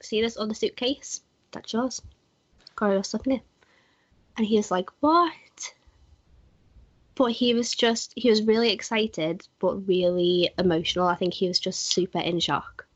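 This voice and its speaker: A woman's voice: mid-range voice, flat delivery, moderate pace, husky, no room sound. A young woman, co-hosting a podcast and chatting, often acting out quoted dialogue. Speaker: podcast co-host. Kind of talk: casual chat, trip storytelling. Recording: dry, slightly muffled podcast audio.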